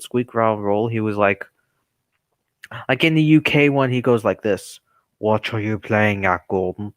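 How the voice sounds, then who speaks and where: A man's voice: medium pitch, clean tone, no room sound, studio quality. A man in casual chat, speaking in short, agreeable remarks.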